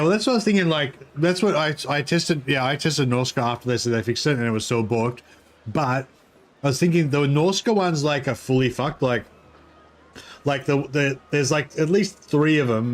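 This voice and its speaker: This streamer, a man with a mid-range voice, chats loosely and rambles over his strategy game stream. His speech is halting, and he eats as he talks.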